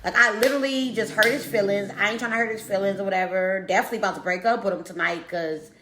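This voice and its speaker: A woman telling a funny story from her past in a casual, animated way, repeating herself and talking straight to her audience. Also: mid-range voice, fast talker, a crowd in the background. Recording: echoey room.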